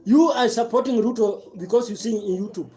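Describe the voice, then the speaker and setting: A man's voice: sits high, brisk, warm tone. A man with a Kenyan accent giving impassioned, repetitive political commentary on a live stream, mixing broken English with Swahili.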